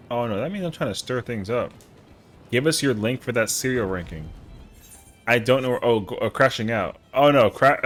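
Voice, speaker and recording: Animated slangy male game streamer. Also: lowish voice. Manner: rambling, slangy, answers chat. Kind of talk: casual live-stream chatter.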